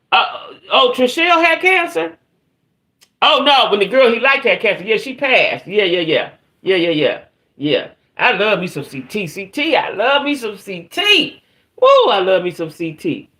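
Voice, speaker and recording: A woman's voice: low-pitched, fairly bright tone. A woman hosting a casual livestream who rambles chattily, talks straight to her viewers and trails off while searching for names. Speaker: host of a reality TV talk channel.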